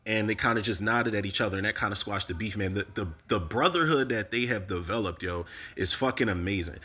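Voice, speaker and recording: A man casually recapping a TV episode, animated and profane, talking straight to his viewers. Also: on the low side, a little fast, slightly rough. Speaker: TV recap host.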